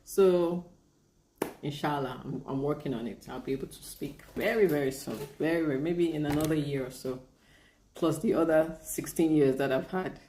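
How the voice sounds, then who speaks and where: A woman chatting casually on a live stream, reading viewer comments, laughing often and trying out halting Arabic phrases. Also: deep voice, mellow, echoey room. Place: lives in Bahrain.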